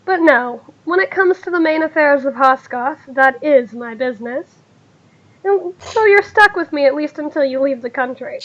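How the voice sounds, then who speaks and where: A woman doing a smooth, formal crime boss. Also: very high voice, expressive, moderate pace, fairly bright tone, lo-fi sound. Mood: dismissive. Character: calm scheming male crime boss in a wheelchair.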